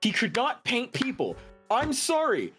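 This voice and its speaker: This is a streamer holding forth in casual chat during a game stream, profane and animated. The voice swings widely in pitch. Faint music runs in the background. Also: a little slow. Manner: animated, profane ranting with frequent laughter. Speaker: streamer and co-host.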